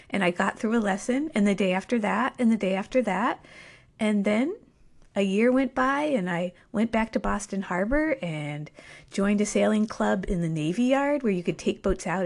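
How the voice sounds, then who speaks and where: Wry woman telling a personal story. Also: mid-range voice. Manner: wry, self-mocking, animated delivery. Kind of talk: personal story told to an audience.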